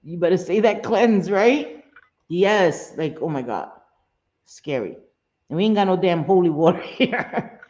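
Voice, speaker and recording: A woman's voice: lowish voice, animated, a little slow, a little mellow. A middle-aged woman hosting a casual livestream chat, talking freely, swearing and chuckling as she answers her viewers at home. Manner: chatty, swearing, laughing often, reads chat aloud. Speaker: livestream host. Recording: roomy, dull lo-fi stream audio.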